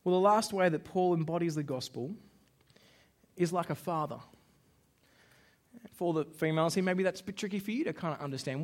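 A man preaching a sermon, telling stories with acted-out dialogue. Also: a little high. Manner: storytelling, animated, plays out dialogue with shouts. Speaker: pastor.

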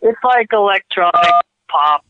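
A man's voice: high voice, lively intonation, measured pace, narrow, tinny audio, slight background noise. A male caller chatting casually over the phone in a laid-back, joking way.

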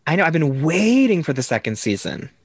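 A man's voice: a little high, big pitch swings, brisk, husky. Man reacting eagerly in a chat. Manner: brief eager reactions and follow-up questions. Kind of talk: casual chat.

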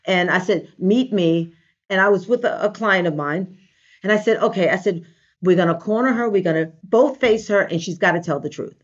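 A woman, a life coach, telling an animated story in a casual interview and acting out the voices of the people she quotes. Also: medium pitch, moderate pace. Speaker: guest, life coach and trainer. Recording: dull lo-fi recording.

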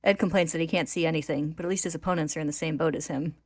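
A woman narrating a story recap in a steady, clear retelling. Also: deep voice, rapid-fire, no echo.

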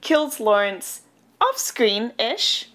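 A woman's voice: a little high, very animated, drawn-out words, fairly bright tone. A woman co-hosting a casual chat, recapping a film plot with lots of fillers and laughs. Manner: chatty, giggly, peppered with fillers. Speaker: podcast co-host recapping a film.

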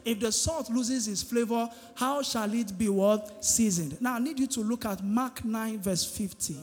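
A man's voice: very high voice, moderate pace, hardly any pauses. A man preaching a sermon as pastor, emphatic and drawing responses from the congregation. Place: large church hall. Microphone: handheld microphone. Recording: long hall reverb, faint music.

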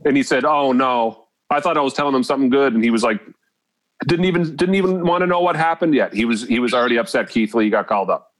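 A man's voice: medium pitch, fast talker. A man hosting a podcast, chatting casually and laughing along with his guest. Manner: laughs along, short agreeing replies. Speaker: podcast host.

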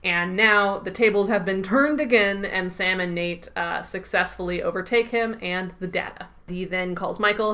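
A woman's voice: medium pitch, moderate pace, few pauses. Chatty woman co-hosting a recap podcast. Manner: animated, laughs often, swears casually. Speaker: podcast co-host recapping a TV episode. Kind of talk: casual chat.

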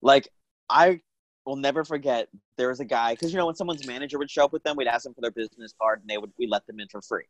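Man, dry close recording, casual storyteller, mid-pitch, mimics people he quotes. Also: fast, no echo. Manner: dry storyteller, backchannels often, acts out quotes. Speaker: former comedy club staffer. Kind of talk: casual podcast chat.

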